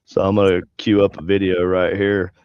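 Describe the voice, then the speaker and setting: A man's voice: sits low, monotone, normal speed, darkish tone, clean tone, dry recording. A man hosting a casual paranormal podcast, talking in a joking, offhand way. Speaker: podcast host. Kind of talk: casual chat. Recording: dull lo-fi podcast audio.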